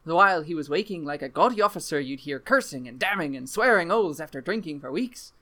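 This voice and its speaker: A young Irish country lad tells his tale in a high, rolling brogue, as a man puts on the accent. His reading is dramatic and theatrical, with every phrase drawn out. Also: expressive, fast, pushed and bright. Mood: boastful. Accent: put-on Irish. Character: young rural Irish man boasting of his brutal father.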